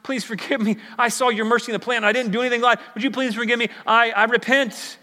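A man voicing a miserable, sulking male prophet with whiny, loud outbursts, in a reverberant hall. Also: very high voice, steady tone, quick pace, voice pushed up. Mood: pleading.

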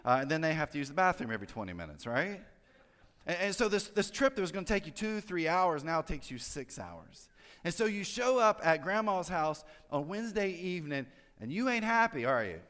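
A man's voice: on the high side, very animated, brisk, fairly bright tone. Man preaching in a big reverberant hall. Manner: conversational, drawing the audience in with tag questions. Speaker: pastor. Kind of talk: sermon.

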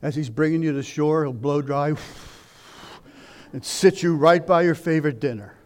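Older male preacher, high voice, fervent sermon delivery that swings between loud declaiming and hushed asides. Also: moderate pace.

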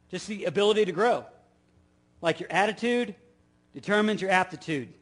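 Male pastor, middle-aged, high-pitched voice, emphatic sermon delivery, repeats his points, rhetorical questions. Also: lively intonation, moderate pace. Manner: repeats key phrases, asks the listeners rhetorical questions.

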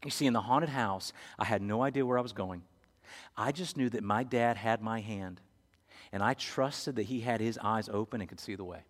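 Guy preaching a sermon, storytelling, drops loud to quiet, church echo. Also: lowish voice, normal speed. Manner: storytelling, swinging from loud to hushed. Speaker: pastor. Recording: echoey hall.

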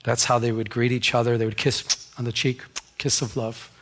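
A man's voice: medium pitch, flat delivery, moderate pace, fairly bright tone. A man preaching a sermon as pastor, in a conversational way that acts out little stories.

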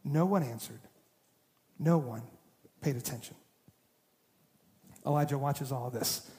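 A man preaching a sermon, telling the story with animated, dramatized quotes and touches of humor. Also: mid-range voice, slow. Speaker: pastor. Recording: long hall reverb.

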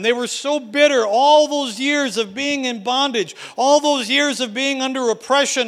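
A male preacher giving a dramatic sermon, swinging between loud and hushed delivery. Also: very high-pitched, big-room sound.

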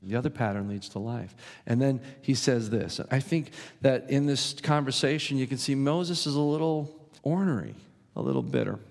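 Pastor preaching in a reverberant hall. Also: male voice, mid-range voice, lively intonation, normal speed, a little mellow. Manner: earnest, emphatic preaching with rising stress on key words. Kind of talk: sermon.

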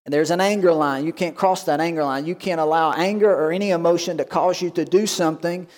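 A man pastor giving a lively sermon, acting out quoted voices and asking the congregation questions. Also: fairly high pitch, quick pace. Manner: animated preaching, acts out quoted voices.

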